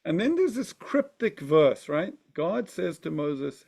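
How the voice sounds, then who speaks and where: A man leads a study class at an unhurried pace, his voice sitting a little high for a man. He works through ideas slowly and keeps asking his listeners whether they follow. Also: big pitch swings, gravelly, darkish tone, husky. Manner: thoughtful, often asks "right?". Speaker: teacher. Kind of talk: text study lesson.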